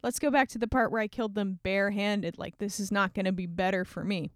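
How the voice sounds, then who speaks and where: A woman's voice: mid-range voice, fairly even intonation, fast, dry recording, studio quality, lightly acted. Woman doing a cocky young shepherd, brash, indignant, zealous, casual delivery. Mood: reluctant.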